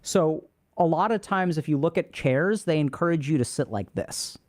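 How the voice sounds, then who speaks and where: A man's voice: on the high side, animated, normal speed, darkish tone. A man hosting a casual livestream, reading out and answering chat questions in a loose, rambling way.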